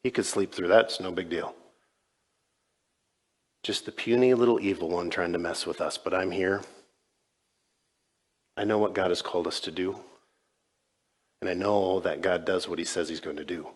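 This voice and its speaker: A man's voice: low voice, steady tone, normal speed, pauses often, slightly rough. A male pastor preaching a sermon in a conversational way, retelling scenes and voicing quoted dialogue. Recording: long reverb in a large church.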